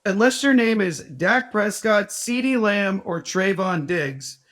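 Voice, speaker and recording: Man, podcast co-host, high voice, brisk self-mocking rant. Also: expressive, a bit bright. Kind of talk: casual sports podcast rant.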